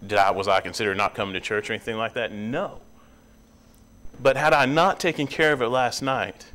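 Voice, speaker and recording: A young man preaching in a church, earnest, his voice climbing high and loud when he presses a point. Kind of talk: sermon. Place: church sanctuary.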